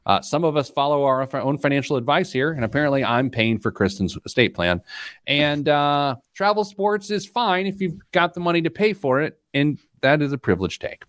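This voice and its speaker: A man hosting a money podcast in casual chat, joking and animated. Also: a little high, no echo, studio quality. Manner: joking, animated, quick asides. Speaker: podcast host.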